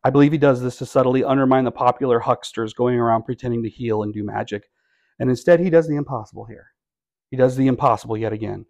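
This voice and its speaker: A man's voice: mid-range voice, quick pace, gravelly, darkish tone. A man preaching a sermon in a conversational way, with wry asides and rhetorical questions to the congregation. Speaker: pastor.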